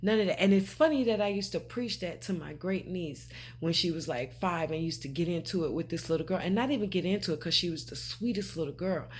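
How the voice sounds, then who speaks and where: Her voice is lowish and breathy as this spiritual vlogger addresses her viewers straight on. She preaches emphatically, says things more than once, and calls her audience babe and honey.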